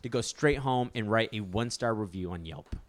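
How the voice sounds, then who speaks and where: A man's voice: lowish voice, expressive, brisk, a little hiss or hum. A young man co-hosting a podcast, telling a story in casual chat and acting out other people's lines.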